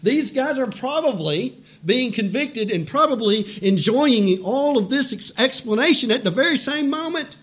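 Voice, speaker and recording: A male pastor preaching a sermon in a high, bright-toned voice. He talks animatedly, laughs along with his own points, then drops to a hushed intensity, repeating phrases to drive them home. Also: expressive, normal speed, hardly any pauses.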